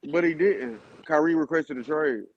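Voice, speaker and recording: A man on a basketball podcast panel, arguing his side in casual heated debate with quick comebacks. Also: fairly high pitch, dull audio.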